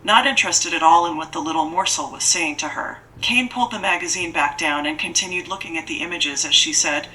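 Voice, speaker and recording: Bright, keen woman narrating an audiobook. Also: deep voice, brisk, hardly any pauses, poor audio. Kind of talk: scripted narration.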